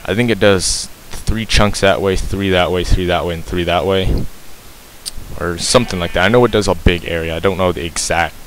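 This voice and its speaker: A man with a low voice talks through a game tutorial in a loose, rambling way, stopping to correct himself and filling gaps with ums. His heavy breathing comes through clearly on a cheap mic pressed close to his mouth, over a faint hiss. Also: fairly even intonation, moderate pace, fairly bright tone, poor audio. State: breathing heavily. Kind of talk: casual gameplay tutorial.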